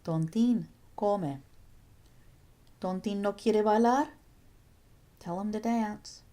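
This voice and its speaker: A woman Spanish teacher explaining grammar step by step in a recorded video lesson, patient and clear with playful asides. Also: medium pitch, slow pace, dark tone.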